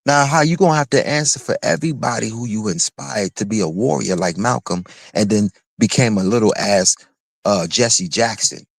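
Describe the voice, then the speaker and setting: A man with a low-pitched voice delivers a heated commentary rant on his own livestream. He speaks in a confrontational, mocking way, repeating his phrases. The sound is dry and close, with no room around it. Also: normal speed, gravelly, no room sound. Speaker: livestream host.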